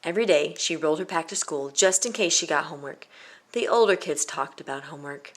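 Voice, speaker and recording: A woman reading a children's picture book aloud, expressive and playing out the sound effects. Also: low voice, a little fast, a little hiss or hum.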